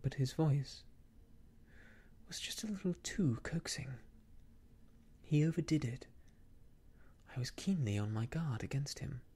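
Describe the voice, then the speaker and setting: A man reading a classic tale aloud in soft, hushed, whispered ASMR storytelling. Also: mid-range voice, lively intonation, unhurried, long pauses, husky.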